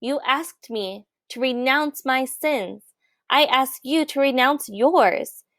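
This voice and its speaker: A woman voicing a brave young male mouse who speaks firmly and deliberately. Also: high-pitched, fairly bright tone, dry recording, clean studio sound, pitched above the performer's own voice, full character voice.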